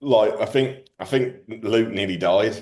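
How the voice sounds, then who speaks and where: A man's voice: on the low side, measured pace, darkish tone. A man hosting a podcast, chatting casually with lots of slang and banter. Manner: banter-heavy, slangy, joking. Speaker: podcast host. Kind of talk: casual chat.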